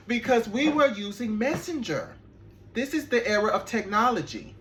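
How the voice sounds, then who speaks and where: A man, an animator, telling a story in a casual, animated vlog, laughing and swearing as he goes. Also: very high-pitched, normal speed.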